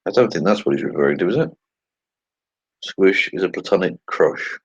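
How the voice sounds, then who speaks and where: Reading tweets out loud, the channel host offers expressive, sarcastic commentary at a normal pace, cursing freely and muttering to himself. His low, husky voice sounds dry and close, captured in a dull, lo-fi home setup.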